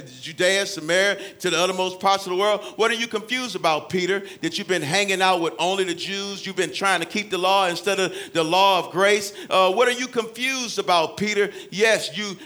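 A man preaching a sermon, acting out scripture quotes in voices and swinging between loud and soft delivery. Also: high voice. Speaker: pastor.

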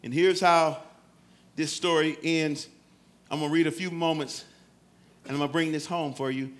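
A man preaching a sermon, swinging from loud, dramatic calls to quiet, low scripture reading. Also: steady tone, moderate pace.

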